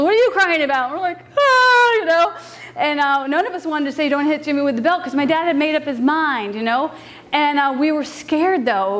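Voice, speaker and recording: A woman telling a personal story to a live audience in an animated, casual way with frequent fillers. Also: high-pitched.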